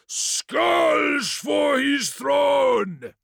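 A man voicing a fanatical, brutish male warlord who bellows his battle cries in a gravelly voice. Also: low voice, huge pitch swings, very slow, pushed and bright, no room sound, clean studio sound, pitched below the performer's own voice, full character voice. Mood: roaring. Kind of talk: audiobook character voice.

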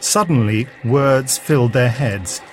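Steady male story narrator. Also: medium pitch, slow pace, faint music behind.

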